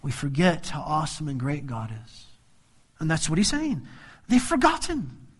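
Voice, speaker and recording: A man with a fairly high voice delivers an animated sermon. He walks through a Bible passage verse by verse and drops into playful voices for the people he quotes. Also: normal speed, husky. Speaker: pastor.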